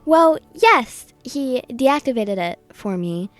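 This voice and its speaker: Fibbing young adventurer, played by a woman, hesitant, slow, slightly raised pitch. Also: sing-song, exaggerated voice. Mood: bluffing. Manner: hesitant, fumbling for excuses.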